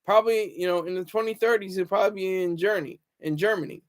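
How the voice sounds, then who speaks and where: A man's voice: sits high, quick pace. A man hosting a casual livestream, reading viewer comments aloud and rambling with chuckles and restarts. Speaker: livestream host.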